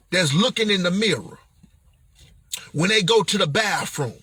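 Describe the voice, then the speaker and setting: A man delivering an impassioned motivational message, blunt and confrontational in a preacher-like way, often raising his voice to a shout. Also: sits high, husky, no room sound. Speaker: motivational speaker.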